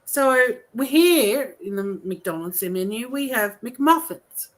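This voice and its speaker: A woman's voice: a little high, lively intonation, slow pace, rough recording. An Australian woman chatting casually on a podcast, searching for words and amused by the topic. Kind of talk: casual chat.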